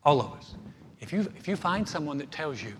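Animated male preacher in an echoey hall. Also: on the high side, fairly quick. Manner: animated, acts out dialogue. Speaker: pastor. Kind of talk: sermon. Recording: echoey hall, faint noise.

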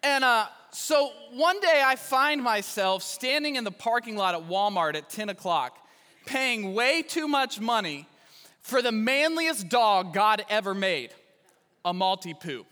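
Guy pastor preaching, bright ringing voice, jokes at himself, big reverby church hall. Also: high-pitched, lively intonation, unhurried, clear, resonant tone. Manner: storytelling with self-deprecating humor. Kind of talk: sermon.

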